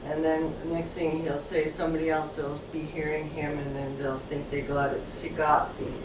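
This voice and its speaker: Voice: medium pitch, monotone, moderate pace, noisy background. A chatty class member telling a story with quoted words. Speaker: student. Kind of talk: classroom participation. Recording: echoey room from a distant mic, clear ambience.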